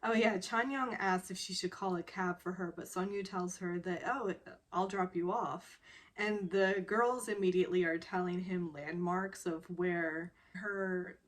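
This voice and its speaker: A woman's voice: fairly low pitch, steady tone, unhurried, few pauses. A woman casually recapping a television drama episode, rambling with many fillers and often breaking into laughter.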